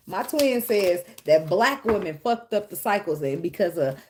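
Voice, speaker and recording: A woman's voice: on the low side, expressive, normal speed, a little mellow, slight background noise. A woman giving a casual tarot reading, blunt and profane, who laughs often and talks straight to the viewer. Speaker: tarot reader.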